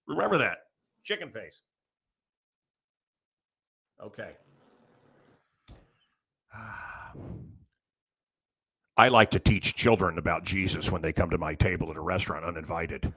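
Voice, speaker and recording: A man's voice: low-pitched, very animated, normal speed, long pauses, fairly bright tone, husky. A middle-aged American man hosting a show, rambling through a comic monologue and teasing his producer. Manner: joking, teasing the producer, building up a bit. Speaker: radio host.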